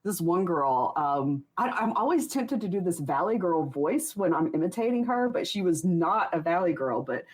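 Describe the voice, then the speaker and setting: Guest, woman in her 40s: husky, low-pitched, laughs a lot as she tells stories. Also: animated, normal speed, few pauses, a little mellow. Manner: rambling, laughs often, many restarts. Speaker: podcast guest. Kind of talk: casual interview storytelling.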